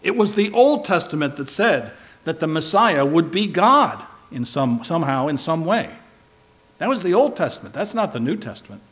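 A man preaching a sermon, his voice a touch higher than most men's. He leans hard on key words and swings between loud and soft to drive each point home, checking in with rhetorical questions. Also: big pitch swings, moderate pace. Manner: emphatic, shifting loud and soft for stress; asks the listeners rhetorical questions.

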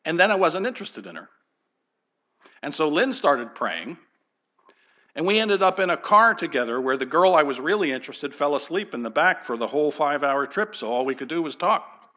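A man's voice: fairly high pitch, big pitch swings, normal speed, pushed and bright. A middle-aged man, a pastor, giving a conversational sermon and putting questions straight to his congregation. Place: church sanctuary.

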